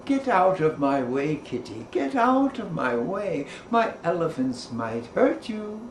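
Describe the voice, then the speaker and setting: A man's voice: fairly high pitch, very animated, takes it slowly, a little hiss or hum, voice pushed up. A man voicing a proud but kindly newlywed king in a storybook, in a commanding manner. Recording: roomy echo.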